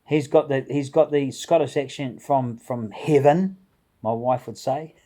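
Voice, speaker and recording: A middle-aged man with a warm, mellow voice hosts his home brewing vlog. He talks casually and enthusiastically, rambles a little and chuckles along the way. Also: mid-range voice, unhurried. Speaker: home brewing channel host. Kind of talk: casual vlog shout-outs.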